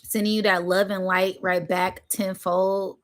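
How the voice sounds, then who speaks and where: A woman's voice: medium pitch, level tone, measured pace. A young adult woman hosting a spiritual channel, giving an emphatic, preachy monologue full of cursing and repeated "right?" and "y'all", emotional and close to tears. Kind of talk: passionate livestream monologue.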